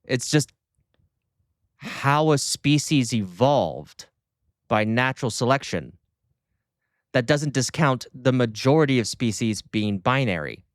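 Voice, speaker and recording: A man streaming casual reaction commentary, talking in an animated, sarcastic and mocking way. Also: medium pitch, slow pace, long pauses, dry recording, studio quality.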